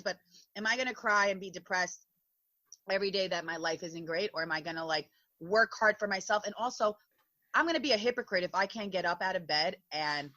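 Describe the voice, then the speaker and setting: A woman's voice: medium pitch, sharp tone, no room sound. Effusive, emotional woman on a dry lo-fi line. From Long Island, New York. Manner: effusive, emotional, laughs and tears up often. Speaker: guest comedian. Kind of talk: casual podcast chat.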